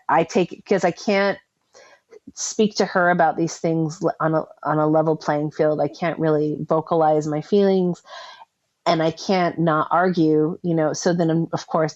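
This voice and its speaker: Emotional woman, halting, muffled dry sound. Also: deep voice, dry recording. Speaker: guest sharing her story. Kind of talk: personal testimony.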